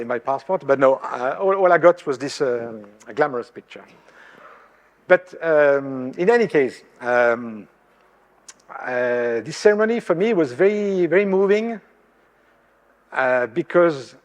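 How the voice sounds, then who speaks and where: A man from France giving a public lecture as a professor, halting with many fillers and restarts, with dry self-deprecating humour. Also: a little high, animated. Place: lecture hall. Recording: long hall reverb.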